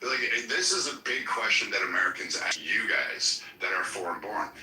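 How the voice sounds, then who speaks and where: A man co-hosting a podcast, talking politics bluntly and profanely, with many halting restarts. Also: fairly low pitch, lively intonation, background noise. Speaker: podcast co-host. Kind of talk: casual political talk. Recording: roomy echo, far from mic.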